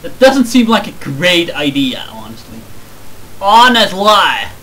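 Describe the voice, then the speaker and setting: Man, gaming banter, high pitched, teasing, off-mic, faint hiss. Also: takes it slowly, distant mic, poor audio. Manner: teasing, animated, swears when losing. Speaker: let's play commentator.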